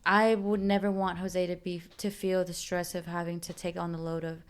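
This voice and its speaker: A woman's voice: on the low side, little pitch movement, moderate pace, clean tone. Candid young woman telling stories. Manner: candid, confessional storytelling. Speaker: interview guest. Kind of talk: casual conversation.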